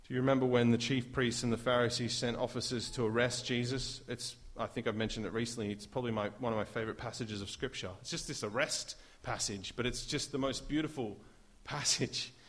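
A man preaching a sermon, emphatic and full of rhetorical questions, rising to loud declarations. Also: mid-range voice, fairly even intonation, brisk.

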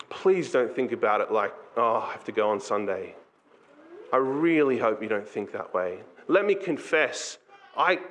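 A man preaching a sermon as pastor, earnest and conversational, slipping into quick acted asides. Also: fairly high pitch, a bit bright.

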